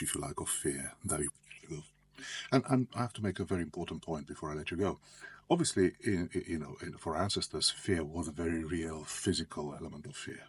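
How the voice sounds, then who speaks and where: A man with a very deep, heavily husky voice explains things conversationally. He talks like a therapist and drifts into frequent asides along the way. His tone is loose and plainspoken rather than polished. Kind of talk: explanatory talk.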